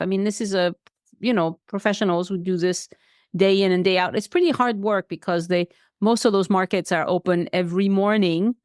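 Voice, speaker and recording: A woman's voice: mid-range voice, dry recording. Woman hosting, dry sound. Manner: friendly, searching for words. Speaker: podcast host. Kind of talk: conversational interview.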